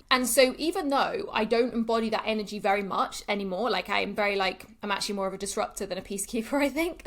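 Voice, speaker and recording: A woman, a coach speaking to camera in a candid, emphatic monologue that swears freely and repeats for effect. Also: on the high side.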